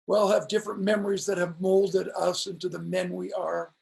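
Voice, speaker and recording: Telling stories in a live stream interview, this middle-aged man has a notably gravelly voice that sits high for a male. His overall delivery is flat, yet he uses an emphatic, preacher-like rhythm and drags out his key lines.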